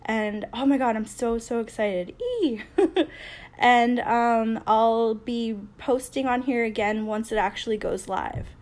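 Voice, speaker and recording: A woman artist chatting casually in a home vlog, excitable and full of fillers, recorded on a phone in an apartment. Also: fairly high pitch, a little slow, low-quality recording. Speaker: artist vlogger.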